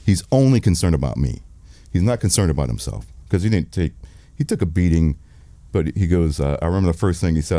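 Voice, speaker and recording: Brief: man, 50s, director guest, low mellow voice, dry close sound, profane and animated storyteller. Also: a little fast, dry recording. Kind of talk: candid storytelling interview.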